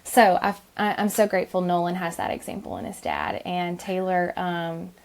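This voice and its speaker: A woman in her thirties, a podcast guest speaking gently in conversation, with frequent ums and restarts. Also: lowish voice, steady tone, moderate pace, vocal fry. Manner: soft-spoken, many ums and restarts. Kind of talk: conversational interview.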